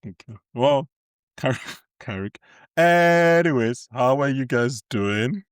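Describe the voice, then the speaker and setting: A man's voice: medium pitch, slow, no echo. Guy hosting a film podcast, jokey and teasing, dry close mic. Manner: playful, teasing, laughs often. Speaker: podcast host. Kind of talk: casual film podcast chat.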